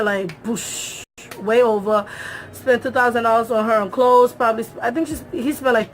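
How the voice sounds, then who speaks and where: A young woman with a slightly high, somewhat bright voice speaks straight to her viewers, calling them y'all, as a reality show recap vlogger. Her recap is casual and emphatic, with phrases repeated for effect.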